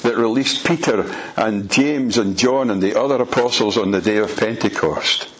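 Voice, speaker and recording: A man's voice: lowish voice, normal speed, slight background noise, poor audio. A man preaches a sermon in an emphatic voice. He presses his points with pointed rhetorical questions.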